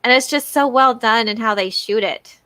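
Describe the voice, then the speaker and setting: A woman's voice: on the high side, normal speed, pushed and bright, no room sound. A woman chatting casually on a podcast panel, enthusiastic, with lots of "like" and light laughter. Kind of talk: casual chat.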